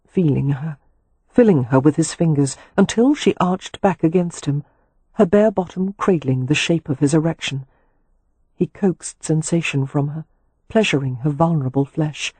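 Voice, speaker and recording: A man narrating a romance audiobook in a slow, sensual, measured reading. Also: a little high, darkish tone, breathy edge, dry recording. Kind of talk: scripted narration.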